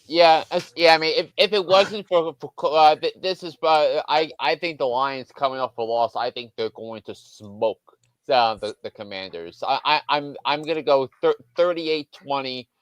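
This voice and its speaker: A man giving football picks in a casual chat, stammering and restarting as he goes. His voice is smooth and close to the mic, with no room sound. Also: a little high, no echo, low-quality recording. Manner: halting, many restarts and stammers. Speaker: panelist.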